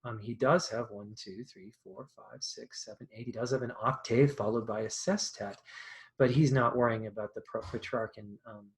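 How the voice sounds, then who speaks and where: A man teaches a poetry class in an easygoing way. He talks loosely, with plenty of ums, false starts and trailing phrases. His voice sits at an ordinary middle pitch. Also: fairly even intonation, moderate pace, rough recording. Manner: many ums and restarts, loose conversational delivery. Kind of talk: recorded lecture.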